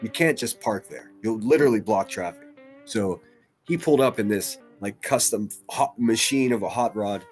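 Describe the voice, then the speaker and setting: A man's voice: fairly low pitch, normal speed, a little mellow, faint music behind. A man hosting a casual livestream, reading chat comments aloud and rambling in a loose, profane way. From United States. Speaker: livestream host.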